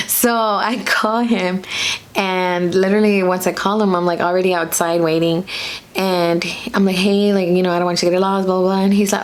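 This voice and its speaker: A woman's voice: fairly low pitch, normal speed. Chatty woman telling a storytime vlog. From Dallas, Texas. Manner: chatty, animated, fillers like "like". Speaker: nail artist and vlogger.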